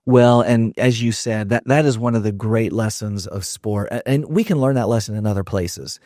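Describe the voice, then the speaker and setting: A man's voice: lowish voice, moderate pace, dark tone, no room sound, clean studio sound. A man hosting a podcast interview, affirming and reflective, drawing lessons and asking follow-up questions. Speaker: podcast host. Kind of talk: conversational interview.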